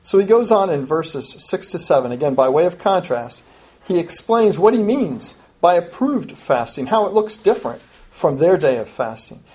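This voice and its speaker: A woman delivers an expository sermon in an emphatic teaching style, speaking at normal speed in a mellow, sing-song voice. She often restarts phrases and raises her pitch for quoted lines.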